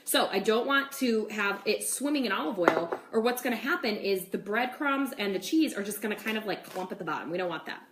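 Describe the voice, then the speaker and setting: Cooking in her own kitchen for a casual demo, a young woman with a mid-range voice chats with viewers in a brisk, expressive way with few pauses. "Like" and "okay" come up often. There's echo and some faint background noise.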